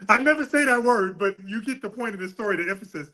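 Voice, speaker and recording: Here a middle-aged boxing coach from New York City spins a profane, laughing, animated story during a casual interview. He has a high-pitched voice and a moderate pace, captured on a rough recording.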